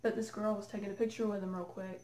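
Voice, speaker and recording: Excitable woman vlogger, echoey room. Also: medium pitch, fast, slight background noise. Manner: excited, rambling, full of "like" and "oh my God". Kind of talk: casual storytelling to camera.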